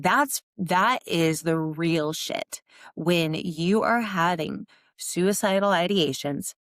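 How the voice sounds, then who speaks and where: Woman podcast host, lowish pitch, dry close sound, raw and candid, swears freely. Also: no room sound. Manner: raw, frank, swears often. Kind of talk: candid personal monologue.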